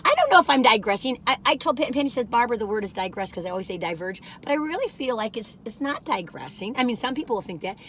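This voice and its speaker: Gushing, giggly woman host, slightly high voice, very bouncy pitch, rambling chat. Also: sing-song, fast talker, few pauses, fairly bright tone, a little hiss or hum. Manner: chatty, rambling and digressive; giggly, laughs often. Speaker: food review vlogger. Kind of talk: casual chat.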